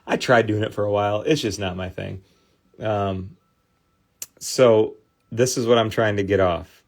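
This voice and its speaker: Creaky, fairly low-pitched and evenly intoned, a Midwestern American man in his thirties speaks at a measured pace as he cleans cards on a livestream. He chats loosely and warmly with viewers, rambling and often stopping to restart or fill pauses.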